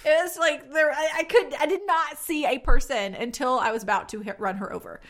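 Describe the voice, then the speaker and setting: A woman in her thirties telling a story in casual chat, animated and laughing often, acting out what people said. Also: high-pitched, a little fast.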